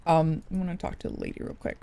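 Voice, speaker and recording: A woman's voice: low voice, huge pitch swings, fast, gravelly, warm tone. A woman streaming a video game, chatty and giggly, thinking aloud. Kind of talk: casual game commentary.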